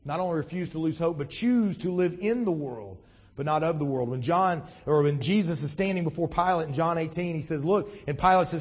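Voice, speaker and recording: A man preaching a sermon as pastor, animated and acting out Bible scenes in shifting voices. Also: on the high side, fairly quick, slightly rough. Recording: long church reverb.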